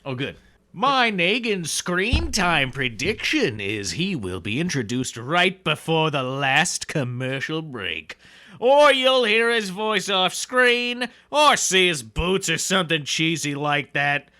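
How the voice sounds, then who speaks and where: A man's voice: fairly high pitch, sing-song, slow pace, pushed and bright. A man co-hosting a casual podcast, reading viewer comments aloud and joking in a dry, sarcastic way. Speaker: podcast co-host. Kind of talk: casual chat.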